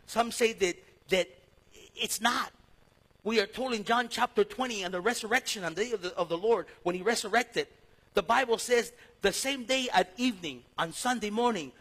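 A pastor, preaching a storytelling sermon that swings between loud and hushed. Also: male voice, very high voice, husky, poor audio. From East Los Angeles.

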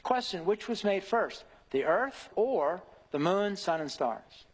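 Earnest husky preacher in a reverberant hall. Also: male voice, high-pitched, animated, slow pace. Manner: earnest, rising to emphatic questions. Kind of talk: devotional sermon.

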